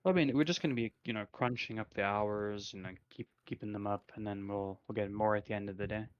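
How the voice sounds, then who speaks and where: Low-voiced young man rambling, lo-fi. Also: a little fast. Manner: rambling, many fillers, reflective. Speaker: podcast co-host. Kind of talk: casual chat. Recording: dull lo-fi sound.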